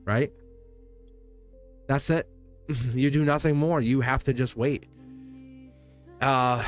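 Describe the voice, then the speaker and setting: Male tarot reader, mid pitch, earnest and comforting, loose and rambling, faint music bed. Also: slow pace, long pauses. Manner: earnest, reassuring, rambling with restarts. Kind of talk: live tarot reading.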